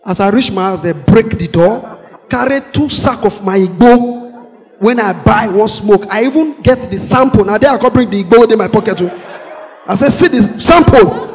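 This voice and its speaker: A man with a Nigerian Pidgin English accent telling a stand-up comedy story, animated, acting out the voices of the police with shouts and laughter. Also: sits high, normal speed. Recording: echoey hall with long reverb.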